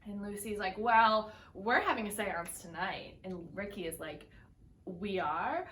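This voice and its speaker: Speaking at an unhurried pace, this young podcast co-host has a medium-pitched, somewhat bright voice. She's in a casual chat going over a sitcom episode, slipping into put-on voices to act out what the characters said. Faint noise, an echoey room, and distance from the microphone mark the recording.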